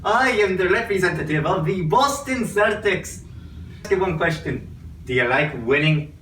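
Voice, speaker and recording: A man's voice: a little high, a bit bright, a little hiss or hum, natural voice. A man voicing a boastful male team representative in an exaggerated fake Irish brogue, in a roomy room away from the mic. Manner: brash salesman patter, slow emphatic delivery. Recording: roomy echo, mic at a distance.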